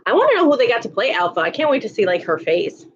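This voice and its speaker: A woman's voice: fairly high pitch, big pitch swings, fast talker, slightly rough, highs cut off. A woman in her thirties chatting casually on a live stream, laughing often and answering viewer comments.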